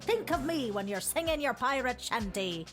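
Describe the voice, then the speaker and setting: A woman's voice: high-pitched, animated, a bit bright, soft background music. A woman voicing a boisterous female pirate captain who drawls pirate slang in a video game. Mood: hammy. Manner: drawls pirate slang, "yar", slow and hearty.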